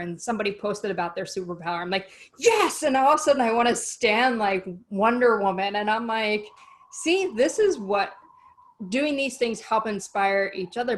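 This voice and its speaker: Woman host just chatting, heartfelt and rambly, mid pitch. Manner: earnest, rambling and emotional. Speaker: podcast host. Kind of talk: casual chat.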